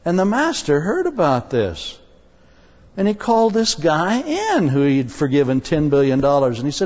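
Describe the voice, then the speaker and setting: A man's voice: on the high side, moderate pace. A man preaching a sermon with humor, telling a story and acting out the voices. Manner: animated, jokey, acts out voices. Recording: dull sound, long hall reverb.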